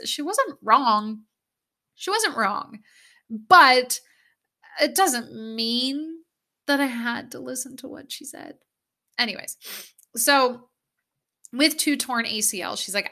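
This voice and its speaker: Young woman, candid vlogger, bright tone, chatty storytelling with some swearing. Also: medium pitch. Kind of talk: casual storytelling to camera.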